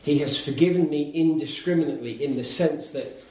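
A man preaches a sermon in a church hall, building his case point by point and asking the congregation rhetorical questions with emphatic delivery. His slightly high voice comes from some way off the microphone, and the hall echoes heavily around every phrase. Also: fairly quick, darkish tone, distant mic. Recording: very echoey hall, picked up from afar.

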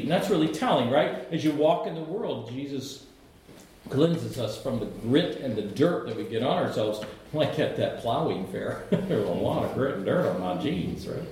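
A middle-aged man preaching a sermon, telling the story in an animated way, with humor and asides to the congregation. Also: medium pitch, normal speed, a little hiss or hum. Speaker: pastor. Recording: echoey church hall.

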